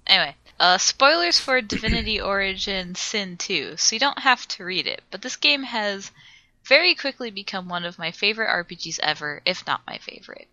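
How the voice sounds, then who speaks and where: A woman's voice: medium pitch, lively intonation, moderate pace, pushed and bright, no echo, highs cut off. A woman co-hosting a casual podcast, reading out listener letters in a wry, blunt way. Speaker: podcast co-host.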